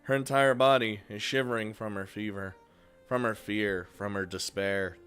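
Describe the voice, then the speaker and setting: A man reading a visual novel aloud as a let's play host, animated and often chuckling. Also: fairly low pitch, moderate pace, soft background music.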